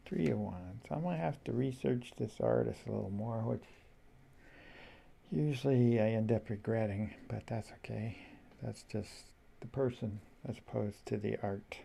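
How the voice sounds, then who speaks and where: A man slowly flipping through a tarot deck, musing aloud to himself in a casual, rambling way. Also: on the low side, vocal fry, mellow, husky. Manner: slow, musing, talks to himself. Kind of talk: casual flip-through commentary.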